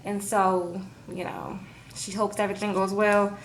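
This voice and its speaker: A woman recapping a reality TV episode in a casual vlog, talking in an animated, sassy way, acting out quotes and tagging her lines with "okay?". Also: mid-range voice, a little slow, slight background noise.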